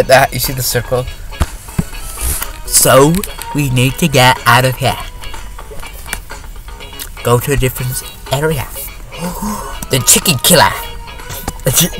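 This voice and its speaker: Man, casual gameplay commentary, rambling, self-interrupting, mid-pitched voice, game music behind. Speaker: gaming channel host. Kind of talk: casual let's-play commentary.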